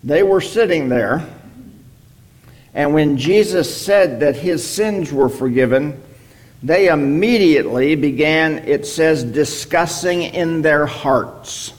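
A man teaching a Bible study, explaining a passage verse by verse and often checking in with "okay?". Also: a little high. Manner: slow, deliberate, checks in with "okay?".

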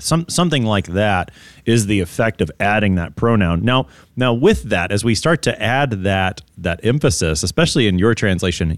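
A man's voice: on the low side, lively intonation, normal speed, no echo, clean studio sound. A man hosting a conversational Bible study discussion, asking questions and explaining the grammar of the text. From United States. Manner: leads with questions, reads scripture aloud, explains grammar.

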